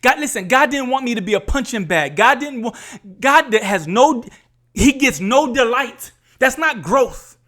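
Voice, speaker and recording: High-voiced man preaching to y'all. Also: animated, moderate pace, bright, forceful tone. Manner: preachy, emphatic, addresses viewers as y'all. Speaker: podcast host. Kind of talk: candid faith talk to viewers.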